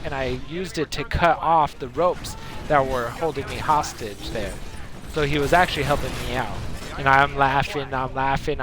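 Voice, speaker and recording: A man streaming a video game and rambling through a made-up story, jumping between voices as he goes. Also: fairly high pitch. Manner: animated, jumps between voices and laughs. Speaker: gaming streamer. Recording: game gunfire noise behind.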